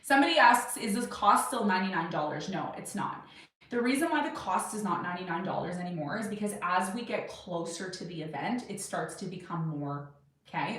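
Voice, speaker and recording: A woman's voice: fairly low pitch, a bit bright, far from the mic. A woman in her thirties hosting an astrology livestream, talking casually and at length to her viewers with easy confidence. Her voice rings through a very echoey room. She sits a little back from the camera's microphone. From Jamaican, Irish and Serbian heritage. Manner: chatty and rambling, self-assured. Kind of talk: casual livestream chat answering viewer questions. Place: home desk with her cat on her lap. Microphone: webcam or camera at a desk.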